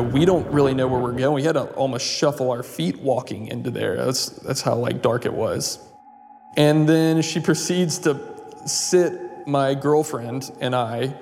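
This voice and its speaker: A man's voice: mid-range voice, gravelly, a little mellow. A man telling a personal story in a casual, rambling way, full of fillers and restarts. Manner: rambling, full of "like" and "you know". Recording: long reverb, faint music.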